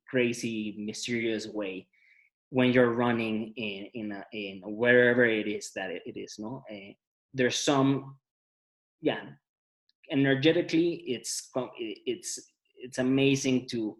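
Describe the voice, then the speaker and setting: A man's voice: medium pitch, low-quality recording. Panel guest, man, loose rambling delivery, many restarts. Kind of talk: casual panel talk.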